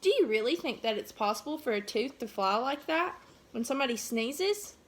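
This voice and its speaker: A woman teacher reading a picture book aloud to children, pausing to ask gentle questions. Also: on the high side, animated.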